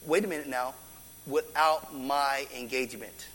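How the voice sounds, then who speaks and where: Amid background noise in a big church sanctuary, a pastor with a mid-range voice delivers a sermon at a measured pace through a stand-mounted stage mic. He preaches with animation, performing the dialogue of characters in his stories.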